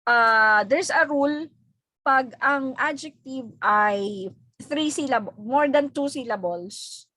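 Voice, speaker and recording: A Filipino woman teaching an online class, with a somewhat high voice and a very unhurried pace. She explains patiently and keeps stopping to rephrase. The sound is close and dry, over a video call. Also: sharp tone, no echo, poor audio. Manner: patient, explains slowly with many fillers and repeats. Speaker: English teacher. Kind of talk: online class lesson, mixing English and Filipino.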